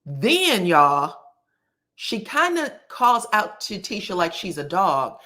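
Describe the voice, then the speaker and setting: Animated woman recapping reality TV. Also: medium pitch, a little slow. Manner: animated, slangy, acts out the quotes she retells. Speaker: YouTube reality TV reviewer. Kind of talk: casual recap commentary.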